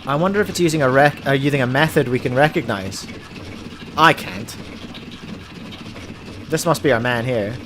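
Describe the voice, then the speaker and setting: A man's voice: mid-range voice, moderate pace, long pauses, noisy background. Chatty New man hosting a podcast. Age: adult, married. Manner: playful, chatty, jokey asides. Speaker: podcast host reacting to videos. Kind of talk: casual chat with video reactions.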